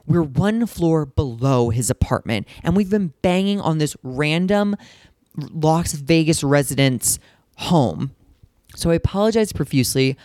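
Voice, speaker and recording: A man hosting a podcast, telling a story in a casual, chatty way, full of "like" and sudden jumps in pitch. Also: measured pace, no room sound, studio quality. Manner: chatty, filler-heavy, animated pitch jumps. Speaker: podcast host.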